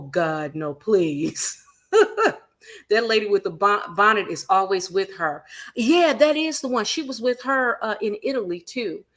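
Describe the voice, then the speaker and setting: A woman hosting a celebrity gossip livestream, animated and emphatic, repeating her points and reading viewer comments aloud. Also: on the high side. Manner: animated, acts out quotes in other voices, reads viewer comments aloud; emphatic repetition.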